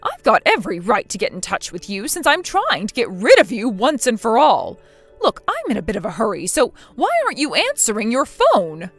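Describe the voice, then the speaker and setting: A woman voicing a spiteful, domineering older mother-in-law in a scripted text-message drama, scolding harshly and loudly. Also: on the high side, wildly swooping pitch, fairly quick, breathy edge, dry recording, soft background music, exaggerated voice.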